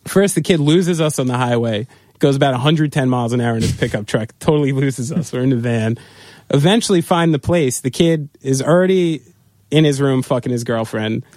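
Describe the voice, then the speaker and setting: Guesting in a casual interview, a male drummer from a band swaps loose tour anecdotes, cursing and laughing as he goes, with lots of filler words. The voice has a medium pitch and darkish tone, captured cleanly in a studio without echo.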